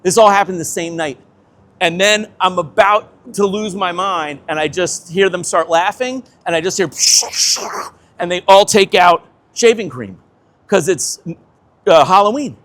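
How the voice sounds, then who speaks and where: A man in his fifties, a veteran skateboarder telling an animated story, laughing often and swearing casually. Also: high voice, unhurried.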